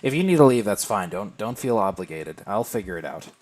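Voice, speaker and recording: Man, low voice, animated delivery, live-stream chatter, faint music behind. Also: a little fast. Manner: thinks aloud and answers viewer chat; relaxed and self-deprecating. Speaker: game streamer. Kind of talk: casual live-stream chat while playing.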